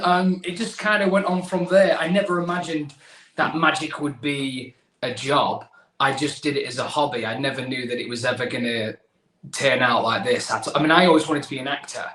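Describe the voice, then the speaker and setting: Speaking at medium pitch with a fairly bright tone, this young magician from England chats through his story on a video call, self-deprecating and full of restarts. It's a casual interview, captured in an echoey room on low-quality audio.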